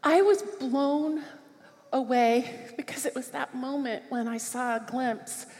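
A middle-aged woman gives a sermon, slipping into a storyteller's rhythm and popping into children's voices as she goes. Her voice sits a little high, and the room around her rings with a long reverb. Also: steady tone, slow, darkish tone. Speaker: speaker at a church service.

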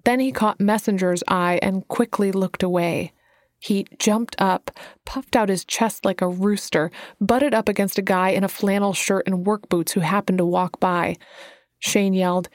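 A woman's voice: mid-range voice, fairly even intonation, measured pace, no room sound, studio quality. A woman reading a story aloud and voicing each of its characters herself. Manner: reads every character herself. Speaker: audiobook narrator. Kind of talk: scripted narration.

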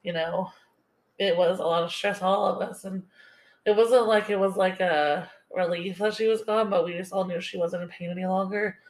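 A woman's voice: on the low side, fairly even intonation, normal speed. A woman co-hosting a podcast, talking emotionally in casual chat with many "you know"s. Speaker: podcast co-host.

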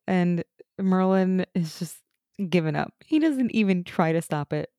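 Mellow-voiced woman recapping a TV episode. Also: fairly low pitch, normal speed, clear, resonant tone, dry recording, studio quality. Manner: animated, mocking voices in quotes. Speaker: podcast co-host. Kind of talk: casual episode recap chat.

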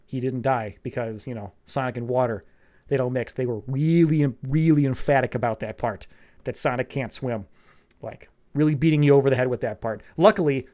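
A man recaps a cartoon plot in a rambling, sarcastic way. He swears freely and drifts into asides. His delivery stays casual and deadpan-comic throughout. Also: mid-range voice. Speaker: show recapper. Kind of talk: profane comedic plot recap.

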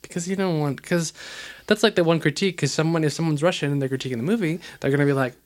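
A man's voice: a little high, quick pace. Man, podcast co-host, casual chat, reads film facts, riffs loosely.

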